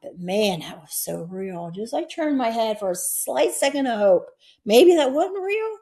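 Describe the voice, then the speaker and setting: Earnest woman in her 60s telling her story. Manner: earnest, emotional storytelling with sudden high, loud bursts. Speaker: interview guest. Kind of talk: recounting personal near-death experiences.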